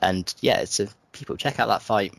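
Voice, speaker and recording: A man's voice: fairly low pitch, brisk, creaky, fairly bright tone, no echo. A man co-hosting a casual podcast, joking about himself and laughing often. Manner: jokey, self-mocking, laughs often. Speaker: podcast co-host. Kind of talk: casual chat.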